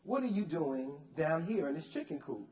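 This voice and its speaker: A man puts on a wise old hawk in a told story, dropping well below his own bright voice and speaking softly and knowingly, calm and unhurried. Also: a little high, pitched below the performer's own voice.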